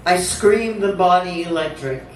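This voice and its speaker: A woman poet giving a live reading with a slow, incantatory delivery, repeating words for effect. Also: fairly low pitch. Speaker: featured poet. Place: theatre stage. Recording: echoey theatre, distant mic, faint hum.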